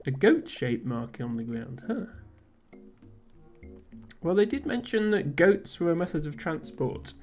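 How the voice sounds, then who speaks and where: A woman's voice: low voice, very animated, a little slow, pauses often, a little mellow, soft background music. A woman streamer playing a game live, chatting casually, laughing often and reading game text aloud.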